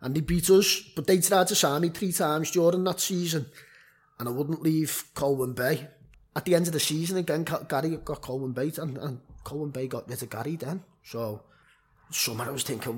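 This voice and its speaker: Husky scouse fella, ex footballer, swearing loads, rambly casual chat. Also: male voice, mid-range voice, brisk. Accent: Liverpool. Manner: blunt, sweary storytelling with many fillers. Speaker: former semi-pro footballer guest.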